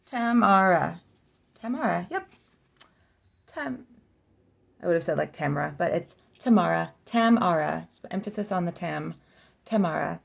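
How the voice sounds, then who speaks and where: A woman chatting casually in a vlog as she flips through an oracle deck, sounding out names slowly and saying them again and again. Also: fairly low pitch, vocal fry. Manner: chatty, practicing name pronunciations slowly and repeatedly.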